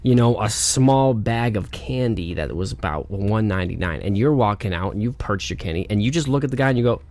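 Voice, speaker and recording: Man co-host, animated swearing storyteller, wide pitch swings. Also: fairly quick. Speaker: podcast co-host. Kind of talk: casual comedy podcast banter.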